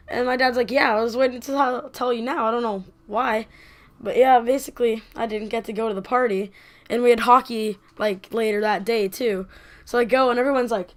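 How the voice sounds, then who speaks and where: Rambling high-voiced woman telling a story. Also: moderate pace. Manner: rambling, animated, many "like" fillers. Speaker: vlogger. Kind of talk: casual storytime.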